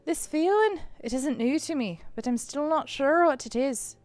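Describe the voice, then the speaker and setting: A woman voicing a charming male cat suitor in a put-on Irish accent, with a halting, earnest delivery. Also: sits high, expressive, a little mellow, soft background music. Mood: tender.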